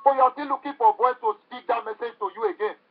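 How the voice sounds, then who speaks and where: A man's voice: very high voice, fairly even intonation, rapid-fire. A man preaching a sermon with fervent, repetitive exhortation. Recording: tinny phone-like recording.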